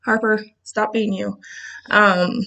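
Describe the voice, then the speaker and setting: A woman's voice: mid-range voice, steady tone, slow, sharp tone, rough recording. A woman casually presenting her novels from home in a video call, chatty and full of ums and asides. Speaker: author presenting her books. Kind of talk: casual talk about her books.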